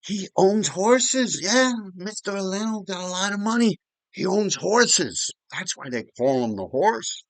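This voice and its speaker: A man voicing his older Irish mother in a raised-pitch impression with a brogue. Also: lively intonation, measured pace, dry recording. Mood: insistent. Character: older Irish mother, matter-of-fact and dismissive.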